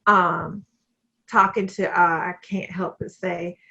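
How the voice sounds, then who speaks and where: A woman's voice: on the low side, fairly even intonation, slow pace, sharp tone, dull audio. A woman co-hosting a podcast, chatting casually about a movie and laughing easily over a video call. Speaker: podcast co-host. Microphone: home computer mic on a video call.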